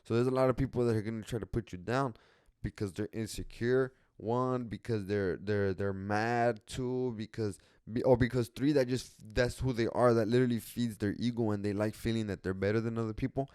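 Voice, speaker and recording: A man's voice: lowish voice, fairly even intonation, a little fast, a little mellow, clear, resonant tone, dry recording, studio quality. A young man hosting a podcast, talking casually in a rambling way with lots of slang, swearing and restarts. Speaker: podcast host.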